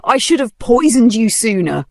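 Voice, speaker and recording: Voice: mid-range voice, very animated, moderate pace, gravelly, dry recording, clean studio sound, pitched above the performer's own voice. A narrator voicing a furious, ruined widow who shrieks and curses in a storybook tale. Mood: raging. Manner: shrieking, cursing, melodramatic.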